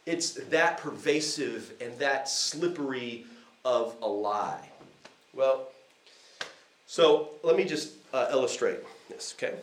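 Speaking slowly in a mid-range voice, this man is a visiting preacher from the United States giving a conversational sermon in a church hall. He relates a family story with many fillers and false starts, and the hall gives the recording noticeable echo.

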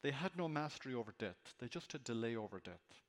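A man's voice: mid-range voice, expressive, a little fast, long reverb tail. A man preaching an expository sermon, earnest and emphatic, lifting his voice on key words.

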